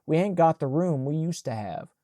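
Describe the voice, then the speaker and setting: A man reads as a bossy old housekeeper woman in a storybook reading. Her voice sits raised and forceful over his own mellow tone. She talks in a broad Southern dialect, firm and no-nonsense. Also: a little high, lively intonation, normal speed, dry recording, clean studio sound, close to an everyday voice. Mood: scolding.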